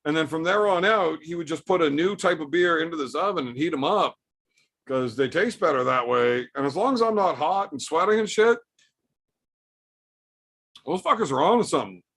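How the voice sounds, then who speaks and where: A man's voice: fairly high pitch, animated, normal speed, a bit bright. A young man, casually reading and answering live chat with blunt, profane jokes. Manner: profane, blunt, joking banter.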